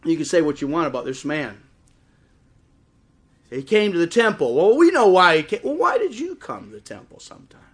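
Middle-aged man, pastor, high-pitched voice, fervent sermon rising to near shouting, live in church. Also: sing-song, brisk, slightly rough. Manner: impassioned preaching that swells to near shouting. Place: church service before a congregation.

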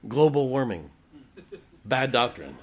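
A man's voice: medium pitch, big pitch swings, slow. A preacher delivers his sermon in a blunt, emphatic voice. He stacks short, punchy declarations one after another and chuckles between them. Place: church before a congregation.

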